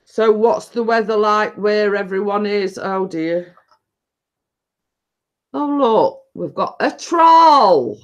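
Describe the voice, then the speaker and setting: A woman's voice: medium pitch, animated, slow pace. A woman with a northern English accent chatting casually on a live stream, rambling and laughing often.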